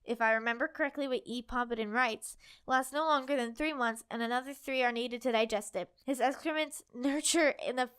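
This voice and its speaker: A young woman with a fairly high, smooth, clear voice chats casually with a friend. She reads long passages aloud, filling the gaps with "like" and pressing on when interrupted. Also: brisk, few pauses, fairly bright tone. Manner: chatty, lots of "like", insistent when reading. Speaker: co-host.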